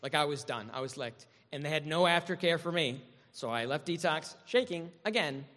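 A man's voice: fairly high pitch, lively intonation, normal speed, a bit bright. A man candidly telling his own recovery story to a meeting, self-mocking and frank. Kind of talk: personal recovery testimony to a meeting. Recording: echoey hall reverb.

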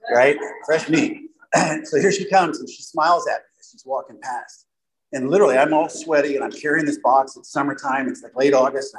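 Older American man, folksy storyteller, plain mid-pitched voice, trips over his restarts. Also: poor audio. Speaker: speaker sharing his recovery story. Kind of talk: recovery talk with personal story.

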